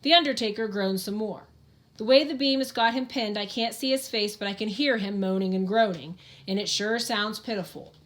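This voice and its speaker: A woman narrates a first-person audiobook at a mid pitch for her voice. Her reading is earnest and plain-spoken, carrying the story steadily. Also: moderate pace.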